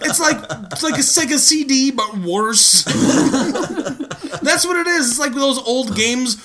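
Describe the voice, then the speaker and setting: A man hosting a casual, joking movie review podcast, laughing often and tossing off quick asides. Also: extremely high pitch, expressive, crowd noise. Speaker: podcast host.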